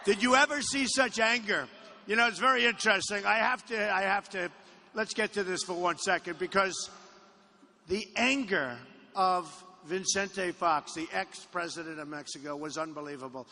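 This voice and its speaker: With a high-pitched, sharp voice at normal speed, a presidential candidate holds a rally in a crowded aircraft hangar, boasting, meandering and repeating himself. Echo fills the space, and faint noise lingers in the background.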